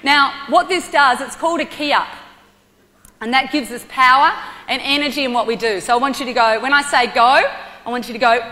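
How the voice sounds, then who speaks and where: In a big hall full of young listeners, an Australian martial arts athlete guests with an upbeat motivational talk. Her high voice moves fairly quickly as she leads a demo, calling out commands with playful energy, and the recording reverberates around the hall.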